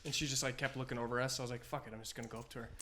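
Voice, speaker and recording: A man's voice: medium pitch, flat delivery, racing, a crowd in the background. A man on a casual podcast, rambling through a story with repeated phrases and swearing.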